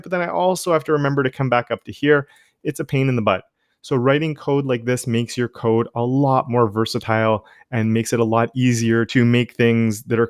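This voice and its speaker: A man's voice: medium pitch, dry recording. Dry, casual man teaching web code. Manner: casual, conversational explaining with light self-deprecating asides. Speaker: web development instructor. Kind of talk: screen-recorded coding tutorial.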